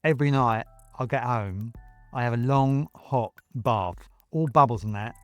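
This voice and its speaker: A man's voice: medium pitch, unhurried, a bit bright, no echo, muffled recording, soft background music, close to an everyday voice. A man voicing a chatty young woman warehouse worker who rambles on. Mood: breezy. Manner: breezy, rambling.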